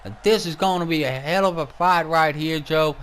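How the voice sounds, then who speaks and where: A man's voice: on the high side, moderate pace, fairly bright tone, a little hiss or hum. A man calling a wrestling match as commentator, brash and trash-talking, swearing freely. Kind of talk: profane play-by-play commentary.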